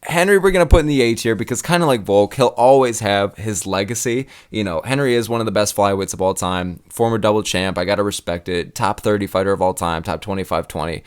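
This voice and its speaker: Brief: rapid-fire male host, slangy and cussing, heated casual commentary. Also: fairly low pitch, clean tone. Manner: heated, profane, slangy rant. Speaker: MMA commentary channel host. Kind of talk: casual tier-list commentary.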